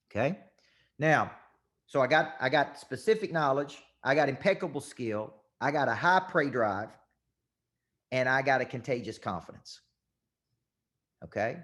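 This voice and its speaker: A man's voice: medium pitch, fairly bright tone. A man who is a business coach gives a motivational talk to an audience and acts out sales calls as dialogue.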